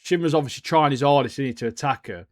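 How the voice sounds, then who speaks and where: A man's voice: medium pitch, quick pace, no echo, studio quality. A man co-hosting an anime podcast in a laid-back way, using slang and hesitant fillers. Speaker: podcast co-host. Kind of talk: casual anime review chat.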